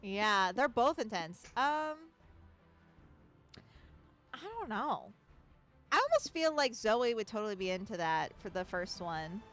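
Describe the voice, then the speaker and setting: A woman's voice: medium pitch, very animated, unhurried, pauses often, fairly bright tone, soft background music. A woman streamer chatting casually during a game, laughing often.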